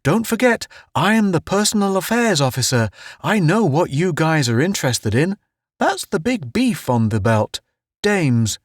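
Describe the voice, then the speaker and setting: A man's voice: on the high side, big pitch swings, a little slow, dry recording, clean studio sound, voice pushed up. A man reading an audiobook, voicing a cheerful, teasing male officer who giggles and jokes.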